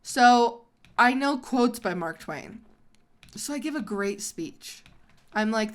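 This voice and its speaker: A woman hosting a gaming video, telling a story in a casual way while she plays and breaks off into excited exclamations. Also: a little high, slow pace.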